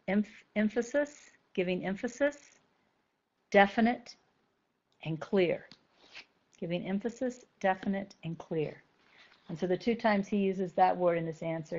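A spiritual teacher with a lowish voice gives a talk to a group, gentle and thoughtful, slowly repeating key phrases so they sink in. The sound quality is lo-fi.

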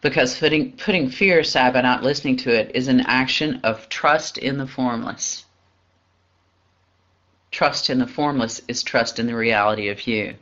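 A man speaks in an unhurried, reflective way about spiritual matters, often pausing and searching for his words, with a soft laugh here and there. His voice sits at an ordinary middle pitch. The recording sounds somewhat dull and lo-fi. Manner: halting, searching, with soft laughs and frequent pauses.

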